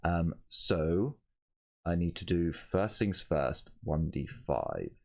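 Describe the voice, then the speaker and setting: A man with a very low, deep voice runs a tabletop game over a voice call. He talks casually, stops and starts, and keeps correcting himself as he narrates. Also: lively intonation, gravelly, darkish tone. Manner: casual, halting, with frequent ums and self-corrections. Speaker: game master.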